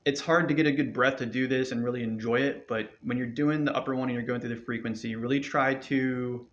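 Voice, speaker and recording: Man, meditation teacher, loose encouraging delivery, mid-pitched, dull lo-fi recording. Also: steady tone, brisk, a bit bright. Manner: loose, rambling, encouraging, with many fillers. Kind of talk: casual spoken instruction. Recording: dull lo-fi sound.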